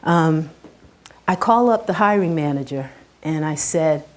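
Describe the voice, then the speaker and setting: A woman's voice: low-pitched, expressive, measured pace. A middle-aged woman giving a heartfelt personal talk on stage to a live audience, her voice rising and dropping with emotion. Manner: earnest and heartfelt, rises and drops sharply with emotion.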